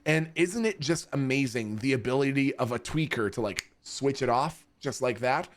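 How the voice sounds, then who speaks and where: A man's voice: medium pitch, moderate pace, a little hiss or hum. A man streaming from home and casually telling wild stories to his chat, swearing and laughing often. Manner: animated, profane, laughing between lines.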